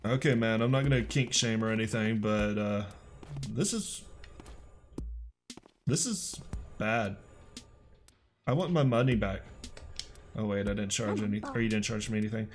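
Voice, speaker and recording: A man's voice: lowish voice, fairly even intonation, a little fast, soft background music. A man hosting a let's play, giving wry, joking, laid-back commentary on a game as he plays. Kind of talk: casual gameplay commentary.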